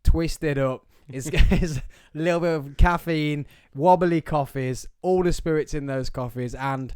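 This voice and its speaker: Smooth-voiced man hosting. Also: a little high, measured pace, a little mellow, no echo, clean studio sound. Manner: jokey, laughs often. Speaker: podcast host. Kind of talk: casual chat.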